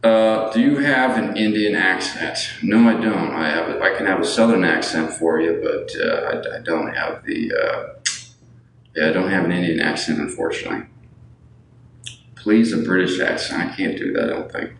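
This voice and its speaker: A raspy-voiced man in his thirties chatting casually on a livestream, reading viewer comments aloud and answering with boastful jokes. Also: low-pitched, moderate pace, fairly bright tone. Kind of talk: casual live chat. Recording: echoey room, mic at a distance, faint noise.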